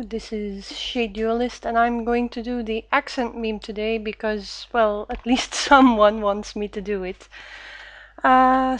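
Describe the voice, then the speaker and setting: A woman in her twenties from Belgium, unhurried and hesitant, reading a question list in a casual vlog. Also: a little high, no room sound. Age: 20s. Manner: unhurried, hesitant with many fillers, giggling.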